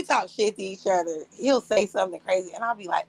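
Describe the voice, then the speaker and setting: A woman's voice: medium pitch, a little fast, creaky, hardly any pauses, low-quality recording. Profane, laughing woman in her forties. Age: 40s. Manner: animated storytelling, acting out quotes in other voices; blunt, profane, laughing often. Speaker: live streamer. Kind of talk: casual chat on a livestream.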